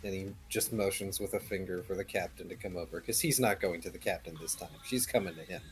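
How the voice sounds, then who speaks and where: A man narrating his own character's actions in a tabletop game in a measured, dry way. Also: deep voice, soft background music. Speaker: player.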